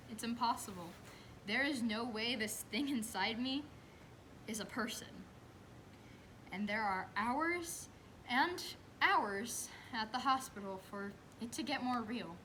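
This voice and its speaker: A woman's voice: fairly high pitch, a little hiss or hum, rough recording. A young woman playing an anxious new mother. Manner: expressive, dropping to whispers. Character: anxious new mother recalling giving birth. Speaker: student actress. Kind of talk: stage monologue. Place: school theater stage.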